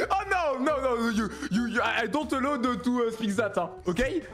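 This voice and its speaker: A woman with a French accent speaking halting English, often breaking into laughter in a gaming voice chat. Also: a little high, expressive, music in the background. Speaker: gaming team member.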